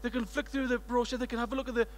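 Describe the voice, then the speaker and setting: A man's voice: very high-pitched, little pitch movement, rapid-fire. A British man voicing a proud middle-aged woman who owns a boutique shop and eagerly lists what it offers. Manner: eager, proud, listing details. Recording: echoey large hall.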